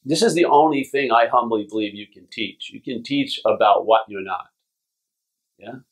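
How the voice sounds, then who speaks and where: A man's voice: medium pitch, normal speed. A man from Long Island, a spiritual teacher giving a casual, blunt talk to a retreat group, swearing now and then and often checking with "yeah?". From Long Island, New York. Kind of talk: talk to a retreat group, reading passages aloud. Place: retreat gathering.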